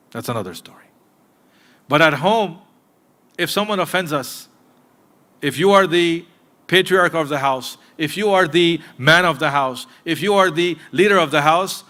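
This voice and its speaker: Guy preaching in a mosque, kinda high voice, earnest, talks right to the crowd, gets loud then goes quiet. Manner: earnest and direct, addressing listeners, swinging from emphatic to hushed. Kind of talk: sermon to a live congregation.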